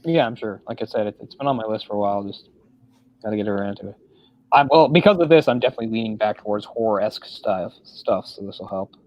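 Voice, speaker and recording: A man's voice: on the low side, animated, quick pace, lo-fi sound. A man co-hosting a casual film discussion podcast, talking in a rambling way with many fillers. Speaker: podcast co-host.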